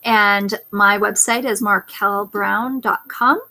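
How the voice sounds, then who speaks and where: A woman coach tells a personal parenting story in a reflective, steady way. Her voice sits in a middle register, and she sometimes slips into a higher voice to mimic her child. She speaks as a guest on a video call. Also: slow pace. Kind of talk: personal story on a talk show.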